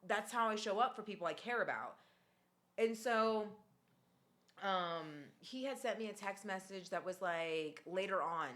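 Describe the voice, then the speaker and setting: A woman's voice: medium pitch, unhurried. A woman hosting a podcast, telling a story in casual chat with lots of fillers and free swearing. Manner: animated, swears freely, many fillers. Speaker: podcast host.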